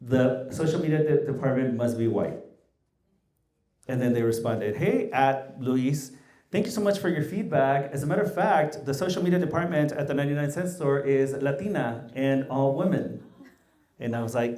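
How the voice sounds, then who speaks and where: Male panel guest, with asides, warm low tone, echoey hall. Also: moderate pace. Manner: mixes English and Mexican Spanish, lively anecdotes. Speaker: small business founder, panel guest. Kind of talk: animated panel storytelling.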